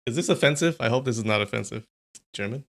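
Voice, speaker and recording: A man's voice: mid-range voice, lively intonation, fast, vocal fry, fairly bright tone. A man hosting a casual livestream, chatty and thinking aloud, laughing often. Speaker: streamer.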